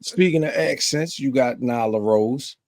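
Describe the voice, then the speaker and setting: A man's voice: mid-range voice, unhurried, a little mellow. A man hosting a podcast interview, asking questions casually and repeating words as he stammers. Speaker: podcast host.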